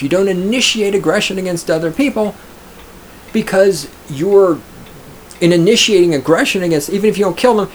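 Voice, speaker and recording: Reacting to an article he's reading, this male commentator is crude and sarcastic, putting on raised voices to mock people. His voice sits high, and a faint hiss or hum runs underneath.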